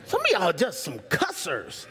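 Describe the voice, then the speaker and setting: A pastor preaches to his congregation with a high, swooping voice, swinging from soaring highs to low, quiet asides. He jokes and calls out to the people in the pews, and his voice rings out into a long reverb in the church sanctuary. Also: moderate pace. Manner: animated, humorous, talks straight to the congregation. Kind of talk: sermon.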